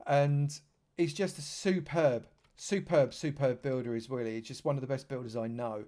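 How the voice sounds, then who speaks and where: A man streams a chatty live tour of a game server, effusively heaping praise on everything he shows as he provides gameplay tour commentary. His mid-range voice is dark in tone, with fairly even intonation and a moderate pace.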